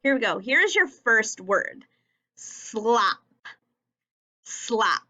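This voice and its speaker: A woman teaching a recorded phonics and punctuation lesson for young children, speaking slowly and enunciating each word and sound clearly. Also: a little high, big pitch swings, bright, forceful tone.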